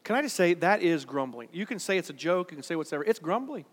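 A man's voice: high-pitched, very animated, quick pace, in a large hall. A man preaching a sermon in a church worship center, conversational and then emphatic. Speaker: pastor.

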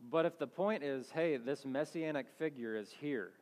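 A man's voice: on the high side, moderate pace. Man teaching scripture in a reverberant hall. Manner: conversational, restarts and self-corrections. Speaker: Bible teacher. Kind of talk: sermon with scripture reading.

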